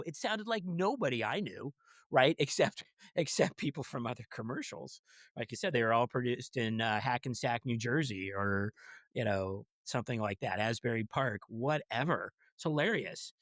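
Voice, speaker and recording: A man's voice: mid-range voice, a bit bright, no room sound, studio quality. Wry middle-aged man, rambling. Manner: rambling with restarts, wry, mock-quotes people. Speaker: podcast co-host. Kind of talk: casual chat.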